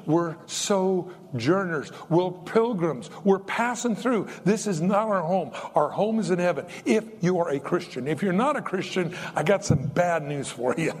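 Animated older preacher in a reverberant hall. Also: male voice, fairly high pitch, breathy edge. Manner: folksy, animated, jokes between points. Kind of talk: sermon.

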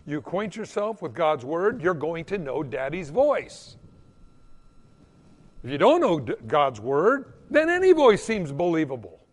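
Male preacher, high and very animated delivery, emphatic sermon in a reverberant sanctuary. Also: measured pace. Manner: emphatic, swinging between loud peaks and hushed drops.

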